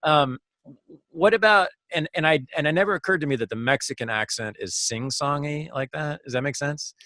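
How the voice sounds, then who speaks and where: A man's voice: on the high side, a little fast, bright, forceful tone, no echo. Curious male podcast host, dry sound. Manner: curious, thinking aloud. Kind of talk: casual interview conversation.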